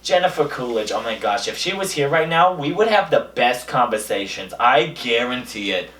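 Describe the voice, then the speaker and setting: A young man hosting a comedy show, delivering a deadpan monologue full of absurd boasts, his voice jumping between high and low. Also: normal speed. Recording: echoey room, a bit far from the mic.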